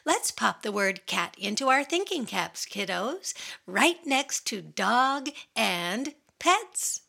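A woman's voice: on the high side, big pitch swings, slow, vocal fry, sharp tone, husky. A woman hosting a children's radio show, talking cheerfully and directly to young listeners. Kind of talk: upbeat talk to children.

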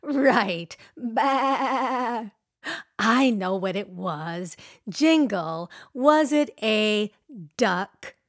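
A woman's voice: medium pitch, lively intonation, very slow, no echo. A woman hosting a children's radio show, talking playfully to young kids in a sing-song way. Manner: playful, sing-song, teasing guessing games. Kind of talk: cheerful talk to young children.

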